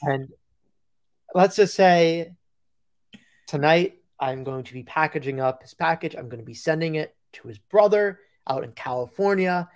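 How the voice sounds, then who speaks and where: A man's voice: on the high side, a little mellow. A man co-hosting a podcast, telling a joking story in casual chat with plenty of fillers. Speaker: podcast co-host.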